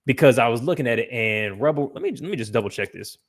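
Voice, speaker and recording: Guy hosting a livestream, swears a lot, rambles and restarts, mid pitch. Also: animated, fast. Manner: loose, profane, rambling with restarts. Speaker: podcast host. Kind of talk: casual livestream chat.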